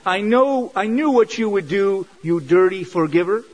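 A man's voice: lively intonation, normal speed, poor audio. A man voicing an angry, desperate male prophet who pleads with and scolds God. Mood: indignant. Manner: pleading, indignant, rising in pitch.

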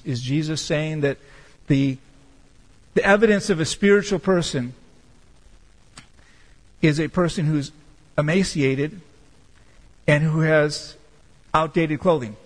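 A man preaching a sermon as pastor, emphatic and slowing down to stress key words. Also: fairly high pitch, in a large hall, rough recording.

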